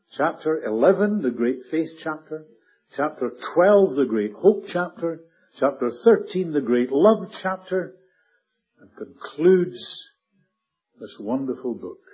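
A man preaching a Bible sermon earnestly, slowing and dropping his voice on key words. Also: mid-range voice, husky, dull audio. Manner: earnest, emphatic, slows and drops to a hush on key words.

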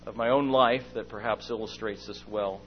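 A middle-aged man with a fairly low voice and moderate pace preaches at a church meeting, telling a family story and acting out moments as he goes. A lively storyteller, he performs his own shouting and whispering in a sermon with personal stories, captured on a dull lo-fi recording with a faint hum.

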